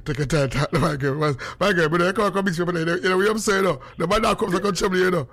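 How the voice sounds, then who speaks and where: A man's voice: sits high, racing. A man with a Jamaican accent hosting a call-in radio show, telling stories in patois with frequent laughter. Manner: animated storytelling in patois, laughing often. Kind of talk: casual call-in radio chat.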